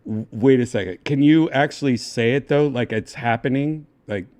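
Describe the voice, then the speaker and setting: A man hosting a casual livestream who talks in a pushy, halting way and keeps restarting his sentences. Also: medium pitch, darkish tone. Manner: pushy, halting, repeats himself. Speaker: livestream host.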